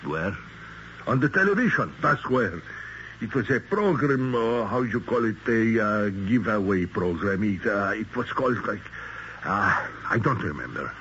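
A man's voice: on the low side, animated, measured pace, fairly bright tone, a little hiss or hum. An actor playing a broken, guilt-ridden husband who pleads and halts as he searches for words, in a 1970s radio drama. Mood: anguished. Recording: dull lo-fi 1970s radio recording.

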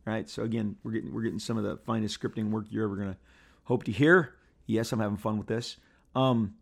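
Gravelly man rambling about comics. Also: on the low side, fairly even intonation, a little fast. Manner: playful, rambling with restarts. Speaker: comic book reviewer. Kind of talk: casual chat.

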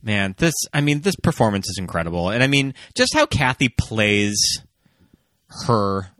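A man co-hosting a casual film podcast who talks in a measured, thoughtful way. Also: lowish voice, sing-song, a bit bright, no room sound, clean studio sound. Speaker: podcast co-host.

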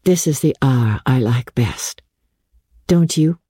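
A woman reading aloud voices a poised, worldly young countess who speaks softly and candidly. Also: a bass voice, expressive, slow pace, slightly rough, dry recording, studio quality, heavily acted. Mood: wistful.

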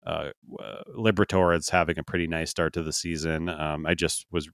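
A low-voiced man co-hosts a sports podcast in a relaxed, joking chat. His voice is smooth and resonant, and it is recorded close and dry with no room sound. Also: fairly quick, dry recording. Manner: laughs easily, loose and joking. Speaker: podcast co-host.

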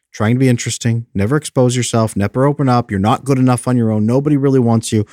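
Male attachment specialist, mid-pitched, earnest coaching delivery, dry close recording. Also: a little mellow, dry recording. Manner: coaching, earnest, brief exaggerated voices for quoted thoughts. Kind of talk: earnest explanatory advice.

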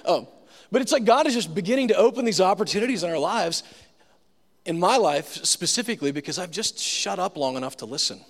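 In the long reverb of a large room, a man with a high-pitched, lively voice preaches a sermon as a pastor, talking a little fast. He tells personal stories in a casual, conversational way with self-deprecating humor.

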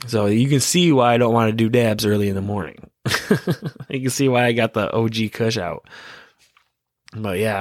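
A man's voice: mid-range voice, no room sound, clean studio sound. A man in his thirties hosting a podcast, rambling casually in a laid-back, giggly, stoned way. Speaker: podcast host.

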